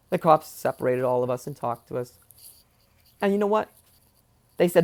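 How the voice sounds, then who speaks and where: A man's voice: mid-range voice, expressive, normal speed, pauses often. A man at home in his chair, telling a personal story in a heated, indignant way, with rhetorical questions and swearing. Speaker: vlogger telling a family story. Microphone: wearing headphones, close mic.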